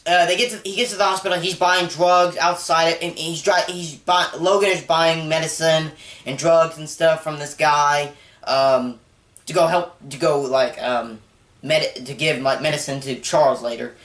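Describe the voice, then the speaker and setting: Excitable young man in a roomy echo. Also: a little high, moderate pace. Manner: rambling and excitable, many restarts. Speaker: movie reviewer. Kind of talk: casual spoiler review.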